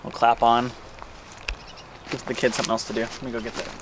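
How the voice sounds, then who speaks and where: A man's voice: mid-range voice, flat delivery, fairly quick, a little hiss or hum. A man outdoors in a yard, giving dry, muttered, self-mocking replies from a distance. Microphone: camera far off. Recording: distant voice, loud birdsong outdoors.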